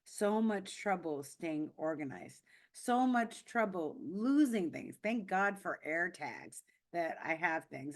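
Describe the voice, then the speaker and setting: A middle-aged woman with a low-pitched voice leads a public speaking webinar. Her delivery is expressive, dropping to hushed, confessional tones before rising into animated, emphatic coaching. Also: takes it slowly, hardly any pauses. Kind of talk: webinar talk.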